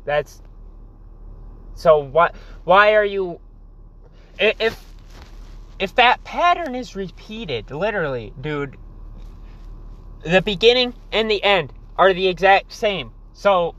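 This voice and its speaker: A young man delivers a fervent, swearing pep talk from inside a vehicle, his voice pitched high for a man. The sound is dry and a bit dull and lo-fi, with no room echo. He circles back over his points and throws in "dude" again and again. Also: a bit bright. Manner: intense, profane, repeats himself, says "dude" a lot. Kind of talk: passionate motivational rant to camera.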